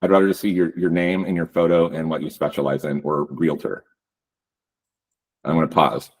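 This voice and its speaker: A man giving a casual webinar talk on real estate branding, relaxed and loose with lots of ums and likes. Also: very deep voice, normal speed. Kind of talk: webinar presentation.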